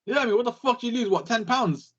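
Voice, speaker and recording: A young man, talking boxing in a casual podcast chat, animated and full of swearing. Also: extremely high pitch, quick pace, slightly rough, muffled recording. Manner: animated, sweary, repeats catchphrases. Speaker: podcast co-host.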